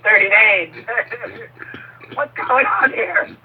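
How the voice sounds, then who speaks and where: A man's voice: sits high, expressive, very slow, a crowd in the background. Blunt man on a tinny phone line. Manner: blunt, profane, talkative. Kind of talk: casual phone chat.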